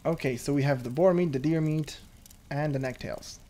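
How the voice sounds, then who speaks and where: A man's voice: fairly high pitch, normal speed, mellow. Chatty nervous man narrating his gameplay. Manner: chatty, nervous laughs, thinks aloud. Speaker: gameplay commentator. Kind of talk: casual gameplay commentary.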